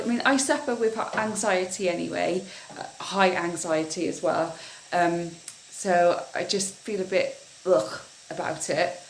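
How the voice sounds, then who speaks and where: A woman's voice: fairly low pitch, a little hiss or hum. A young adult woman, candidly chatting to camera in a casual vlog and often repeating herself. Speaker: vlogger.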